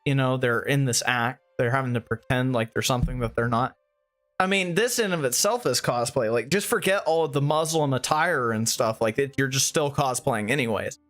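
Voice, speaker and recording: A man's voice: mid-range voice, moderate pace, fairly bright tone, soft background music. A man co-hosting a livestream, reacting to clips with casual, mocking commentary. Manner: sarcastic, mocking. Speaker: livestream co-host.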